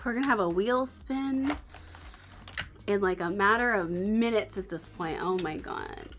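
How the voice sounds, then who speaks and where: A woman's voice: mid-range voice, measured pace, fairly bright tone, soft background music. Giggly Northern Californian woman streamer. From Northern California, Bay Area. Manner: giggly, chatty, peppered with "like". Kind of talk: casual livestream chat.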